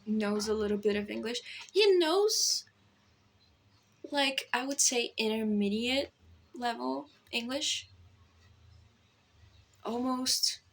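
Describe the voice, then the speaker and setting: A young Brazilian woman, a native Portuguese speaker, rambling in casual self-deprecating talk to her phone camera at home, with a Brazilian accent tinged by American influencer speech. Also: on the high side. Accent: Brazilian, with American influencer tones. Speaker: vlogger.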